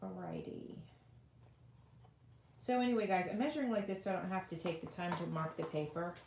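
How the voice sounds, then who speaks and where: A woman's voice: on the low side, lively intonation, a little fast, a little mellow, echoey room, slight background noise. A middle-aged woman hosting a casual crafting livestream from her home craft room, chatting and rambling as she works and reads viewers' comments aloud.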